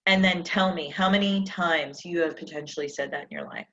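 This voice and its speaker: A woman's voice: on the low side, moderate pace, a bit bright. Emphatic woman coaching, dull lo-fi audio. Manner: emphatic, full of rhetorical questions. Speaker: success coach. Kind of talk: motivational coaching session.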